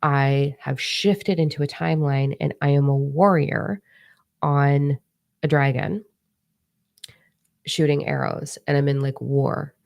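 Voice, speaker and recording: A woman's voice: sits low, fairly even intonation, slow pace, vocal fry, long pauses, darkish tone, no echo. A woman in her forties, a spiritual teacher telling a story in a casual, rambling monologue, blunt and swearing freely. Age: 40s.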